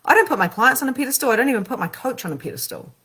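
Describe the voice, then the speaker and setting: A woman, a spiritual coach and medium, talking casually and animatedly with slang, her voice swinging between loud and soft. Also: a little high, big pitch swings, racing, husky. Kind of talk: casual motivational talk.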